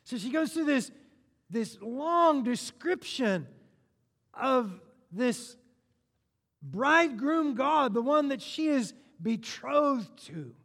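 Taking his time, a man with a high voice delivers an animated sermon peppered with joking asides to the congregation. His words ring out with a long reverb, as if filling a large hall.

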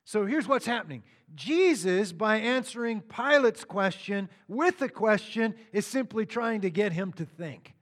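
A man with a high-pitched voice preaches a sermon, teaching through scripture verse by verse. He breaks off into casual asides to the congregation, and his voice rings with the long reverb of a large hall. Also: animated, unhurried, hardly any pauses. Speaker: pastor.

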